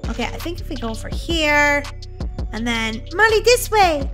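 A woman hosting a playful gameplay commentary, giggly and excitable, shrieking when startled. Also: sits high, moderate pace, soft background music. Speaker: gaming channel host.

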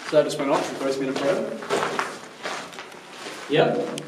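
A man's voice: mid-range voice, lively intonation, unhurried. Earnest young man, echoey and distant. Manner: earnest, coaxing, speaks politely to unseen spirits. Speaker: paranormal investigator vlogger. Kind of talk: casual ghost-hunt narration and questions to spirits. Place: outdoors at an old stone bridge. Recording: echoey, far from mic, faint noise.

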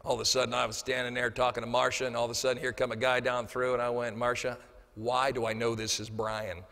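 A man's voice: mid-range voice, fast, vocal fry. A man giving a humorous motivational keynote in a banquet hall, acting out the people in his stories. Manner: animated, acts out quoted dialogue. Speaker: motivational speaker. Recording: reverberant hall.

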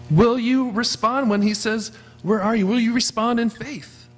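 A man's voice: high-pitched, normal speed, faint music behind. A man preaching a sermon as pastor of a church, earnestly asking his congregation questions. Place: church sanctuary.

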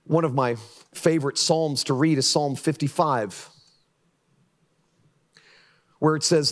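A middle-aged male pastor preaches in a church with a fairly high voice. He surges into pleading, near-shouted cries, then drops into quiet, intimate reflection. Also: steady tone, slow, long pauses. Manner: impassioned, pleading bursts then hushed reflective lows. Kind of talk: sermon. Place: church sanctuary.

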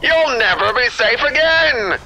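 A piercing, high old-timey newsreel announcer booms out an ominous mock trailer, put on by a man. His pitch swings widely as he hams up the theatrical delivery. A faint hiss sits under the voice. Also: lively intonation, a little slow, bright, forceful tone, exaggerated voice, poor audio. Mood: dramatic, ominous.

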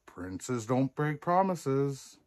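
A man's voice: mid-range voice, big pitch swings, drawn-out words, a little mellow. A man voicing a stern older king who insists on promises.

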